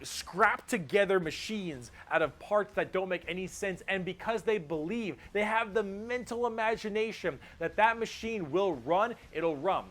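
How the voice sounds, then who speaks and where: A man's voice: sits high, normal speed, hardly any pauses, fairly bright tone. A man narrating a comedic, casual explainer video in an irreverent tone, swearing and using mock-dumb phrasing.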